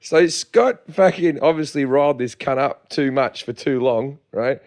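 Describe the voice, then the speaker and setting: An Australian man in casual podcast chat, telling profane, laughing stories at a quick clip. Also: mid-range voice, a little mellow. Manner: fast, profane, laughing storyteller. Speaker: podcast co-host.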